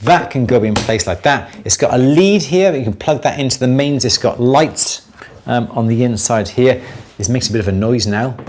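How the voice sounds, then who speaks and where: A middle-aged man hosting a live jewellery Q&A, explaining techniques step by step in a relaxed way, with many fillers and restarts. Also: medium pitch, moderate pace. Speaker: jewellery maker answering viewer questions. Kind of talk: live Q&A demonstration.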